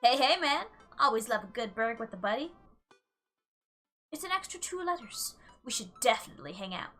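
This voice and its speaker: A woman voicing a loud, hearty sporty dad who talks like a pirate, read aloud from a dating game. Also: a little high, lively intonation, normal speed, soft background music. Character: upbeat sporty dad, pirate-talking braggart.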